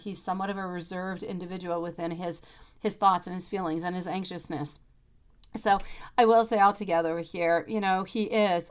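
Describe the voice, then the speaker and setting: A woman in her thirties doing a live-streamed tarot reading, chatty and affectionate, calling her viewers sweetie. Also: fairly low pitch. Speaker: tarot reader.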